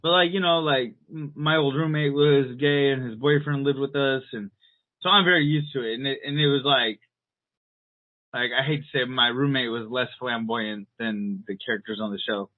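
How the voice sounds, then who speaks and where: A man co-hosting a podcast in rambling casual chat, with an irritated throat and frequent throat clearing. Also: mid-range voice, normal speed, no echo, narrow, tinny audio. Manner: rambling, filler-heavy, clears throat often. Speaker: podcast co-host.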